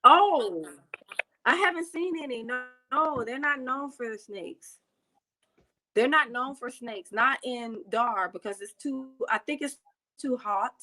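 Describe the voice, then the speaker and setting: A woman's voice: high-pitched, slow, bright, forceful tone, rough recording. Woman, from the United States, interview guest, casual chat, video call, rambling. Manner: chatty, repeats herself, frequent "you know". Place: home in Tanzania.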